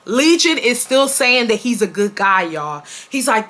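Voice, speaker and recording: Bright-voiced young woman telling a story. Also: on the high side, measured pace. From Houston, Texas. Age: 20s. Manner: animated, acts out quoted dialogue, addresses viewers as y'all. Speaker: storytime vlogger. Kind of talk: casual storytelling to camera.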